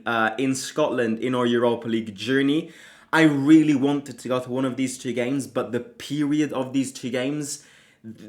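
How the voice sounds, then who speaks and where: A man with an Italian accent, a native Italian speaker, hosting a football fan channel in an excitable, chatty way with frequent restarts. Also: mid-range voice. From Italy. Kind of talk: casual fan vlog chat.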